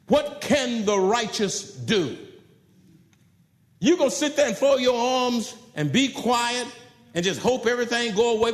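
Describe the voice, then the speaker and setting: A man preaching to his congregation in a high, animated voice that leaps and drops. He swings between loud, rising calls and quiet, low asides. The sound carries the echo of a big room. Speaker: pastor. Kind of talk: sermon.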